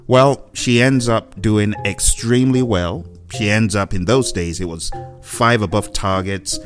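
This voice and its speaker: A man's voice: lowish voice, moderate pace. A man hosting an exam-prep radio show, giving an upbeat, encouraging talk and telling a fable with chuckles. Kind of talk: motivational talk with a told story. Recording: voice over background music.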